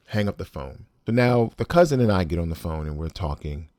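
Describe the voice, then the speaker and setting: A man's voice: low-pitched, animated, fairly quick, darkish tone, no echo, clean studio sound. A man hosting a podcast, telling a personal family story in a blunt, emphatic, profane way. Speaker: podcast host.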